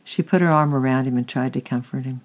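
A reader reading a children's story aloud, unhurried and halting, often correcting slips. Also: medium pitch.

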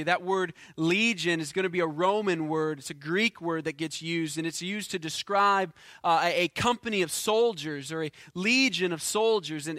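A man preaching from the pulpit in a high, bright, ringing voice. He swings from forceful emphasis to low, quiet intensity and stumbles through repeated words. The sound is close and dry, with no room echo. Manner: earnest, builds to forceful emphasis then drops low and quiet. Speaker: pastor. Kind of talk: sermon.

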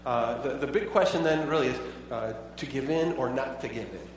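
A man's voice: medium pitch, fairly quick, distant mic, slight background noise. Man preaching in an echoey hall. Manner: conversational preaching with rhetorical questions. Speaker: pastor. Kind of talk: sermon.

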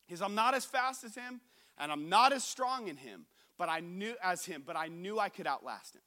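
A man preaching a sermon as a pastor, telling a story in a lively way, acting out the quotes and joking with the audience. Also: sits high, fairly quick. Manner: animated, acts out quotes, jokes with the audience.

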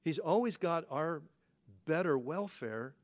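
In an unhurried, expressive, fairly high-pitched voice, a man preaches a folksy sermon as a pastor. It's conversational, heavy on rhetorical questions and frequent "you know" fillers.

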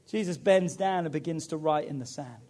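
High voiced guy preaching, gets loud and emphatic. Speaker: pastor. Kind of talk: sermon.

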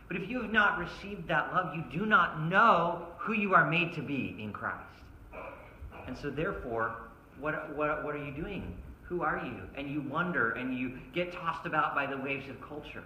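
A man's voice: a little high, animated, moderate pace, pushed and bright. A man preaching a sermon at a church service, emphatic and asking his listeners one rhetorical question after another. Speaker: pastor. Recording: roomy echo.

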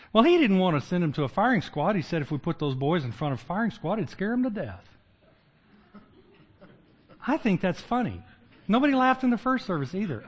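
Older pastor preaching, high-pitched man. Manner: conversational, jokes with the congregation; swings from loud emphatic to low hushed. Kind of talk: sermon.

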